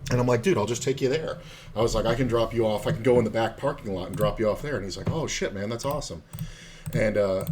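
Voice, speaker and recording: Playing online poker on stream, a man from South Florida chats casually and spins a long, rambling, foul-mouthed story full of fillers. He has a fairly low, slightly mellow voice, and there's a little hiss or hum in the recording.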